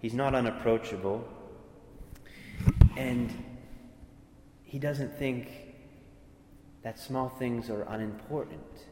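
A man's voice: medium pitch, slow, long pauses, very noisy. A man preaching a sermon in an earnest way, often repeating words and acting out what others might say. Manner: earnest, repeats words, voices imagined speakers. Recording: echoey hall with long reverb.

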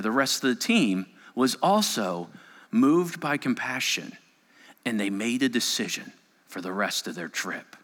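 A male pastor preaching a sermon, telling a story that swings between hushed moments and raised, urgent passages. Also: mid-range voice. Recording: long hall reverb.

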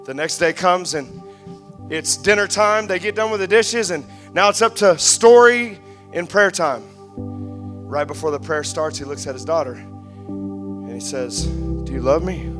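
A male pastor preaching in a church, his voice high for a man as he calls out for responses from the congregation. Faint music sits softly behind him. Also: measured pace. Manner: call-and-response preaching, builds to shouts. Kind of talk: sermon.

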